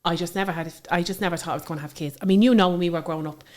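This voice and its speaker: A woman in her thirties with an Irish accent, telling stories about her daughter in a chatty, animated way. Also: fairly low pitch, very fast. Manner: chatty, animated storytelling with frequent fillers. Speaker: interview guest, mother. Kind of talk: casual conversational interview.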